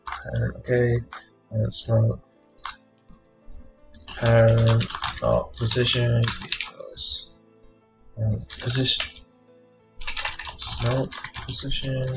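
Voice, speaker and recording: A man's voice: medium pitch, creaky, low-quality recording. A man streaming his game programming, thinking aloud and muttering to himself as he types code. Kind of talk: live coding narration. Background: music and keyboard typing.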